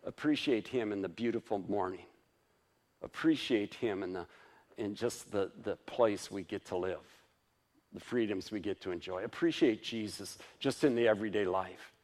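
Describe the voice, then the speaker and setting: A man's voice: fairly low pitch, normal speed. Chuckling, conversational male pastor preaching. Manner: informal and conversational, chuckles between points; lively, swings up for emphasis and down for tender asides. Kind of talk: sermon.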